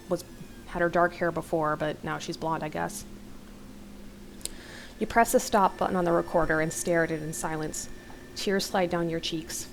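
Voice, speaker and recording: A woman's voice: fairly low pitch, slight background noise, low-quality recording. A young adult woman reading an interactive horror novel aloud as a let's-play host, with casual, wry asides.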